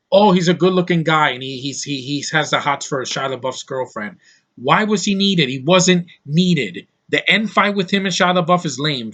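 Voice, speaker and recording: A man's voice: on the high side, bright, forceful tone. A man giving an exasperated, sarcastic film review, rambling and restarting as he complains. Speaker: movie reviewer. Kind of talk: ranting film review vlog.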